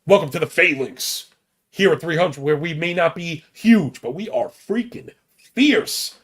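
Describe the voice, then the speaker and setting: A man's voice: on the high side, slightly rough. A man hosting a sports betting podcast, rattling off stats in casual, slangy banter. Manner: rapid stat-heavy banter with slang.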